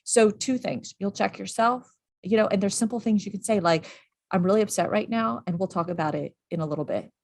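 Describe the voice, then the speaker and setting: A woman coach giving parenting advice in a casual interview, quick and animated, acting out what she would say. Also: mid-range voice. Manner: animated, quick, acts out quoted lines. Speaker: parenting and school behavior coach.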